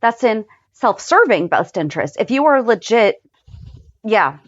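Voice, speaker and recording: A woman's voice: unhurried, no echo, lo-fi sound. A woman co-hosting a podcast, recapping a soap opera in casual chat, her voice swooping up when she quotes or reacts. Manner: lively, swoops high when quoting or reacting. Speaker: podcast co-host.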